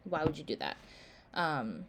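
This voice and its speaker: A woman with a low, sing-song, slightly bright voice speaks at an unhurried pace. She's a college instructor giving her class casual course announcements, sounding tired and yawning, and her speech is packed with "um" and "like."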